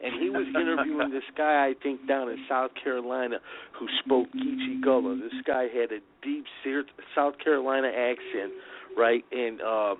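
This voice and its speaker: A man's voice: medium pitch, normal speed. A man hosting a casual radio talk show, taking callers and telling chatty stories, often saying "you know what I'm saying". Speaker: radio host. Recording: tinny phone-line radio audio, faint hiss.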